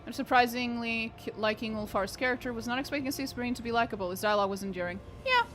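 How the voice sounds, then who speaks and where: A woman's voice: fairly high pitch, fast, fairly bright tone. Swearing, exasperated young woman streamer. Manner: frustrated, swears freely, chats with viewers. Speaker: game streamer. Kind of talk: casual live-stream chat while playing.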